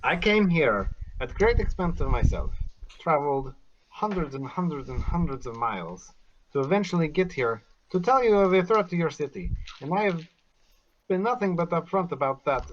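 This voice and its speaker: A man's voice: a little high, lively intonation, normal speed, slight background noise, lightly acted. Man playing a proud male adventurer who guards his quest; defiant, occasionally swears, muffled mic. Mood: indignant. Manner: defiant, curses, many filler ums. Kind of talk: in-character tabletop role-play.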